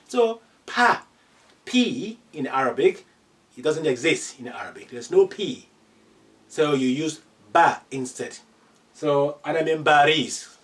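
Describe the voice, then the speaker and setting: Guy teaching a language class real slow, repeats stuff, voice bounces around a lot, kinda far from the mic. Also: a little high, animated. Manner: slow and deliberate, repeating phrases and spelling out sounds. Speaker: Arabic teacher. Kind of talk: classroom lesson. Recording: distant from the mic.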